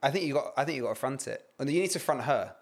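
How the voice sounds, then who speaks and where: A man's voice: mid-range voice, lively intonation, very fast. A man in casual podcast chat, blunt and teasing.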